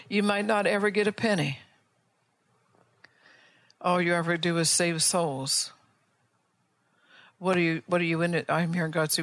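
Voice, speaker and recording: A woman's voice: on the low side, steady tone, moderate pace, pauses often, dry recording. An older woman preaching a fervent sermon, firing off rhetorical questions and often restarting or repeating her words as she builds to an altar call.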